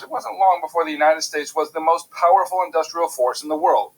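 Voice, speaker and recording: Male history host, quick wry delivery, husky tone. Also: a little high, a bit bright, low-quality recording. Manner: brisk, wry and joking. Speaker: history teacher, channel host. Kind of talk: educational video narration.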